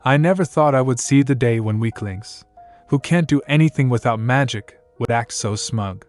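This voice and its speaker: A man narrating a manhwa recap, reading the story and the characters' lines in one steady voice. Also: mid-range voice, moderate pace, soft background music.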